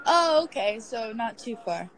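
A woman's voice: on the high side, big pitch swings, a little slow, fairly bright tone. Gushing young woman on a phone livestream. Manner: gushing, affectionate, talks to her pet. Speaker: livestream host. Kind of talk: casual livestream chat.

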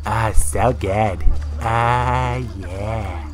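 A man putting on a low, creepy, murmuring voice of an adult man, slow and breathy.

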